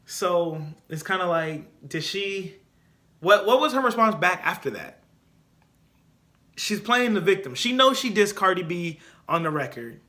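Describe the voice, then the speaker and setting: A young man hosting a casual solo podcast, giving opinionated and animated commentary and repeating his points for emphasis. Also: on the high side. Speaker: podcast host.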